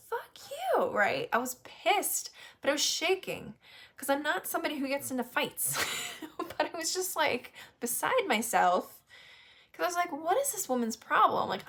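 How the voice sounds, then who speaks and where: A woman from New Hampshire telling a story in casual chat, animated and swearing, laughing often. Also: a little high, creaky. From New Hampshire, USA. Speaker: podcast host.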